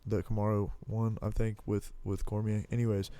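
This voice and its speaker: Young male podcast talker, low-pitched, dry close sound, loose and rambling. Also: level tone, moderate pace, mellow, no room sound. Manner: rambling, full of "like" and restarts, blunt and profane. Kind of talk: casual podcast chat about fighting.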